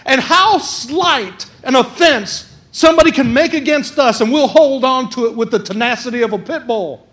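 A man preaching a sermon, swinging between hushed quoted lines and raised, emphatic exhortation. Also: extremely high pitch, normal speed, few pauses.

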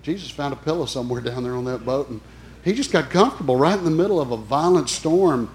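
A middle-aged man preaching a sermon as a chaplain, emphatic, swinging between loud and soft. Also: mid-range voice, expressive, quick pace, slight background noise.

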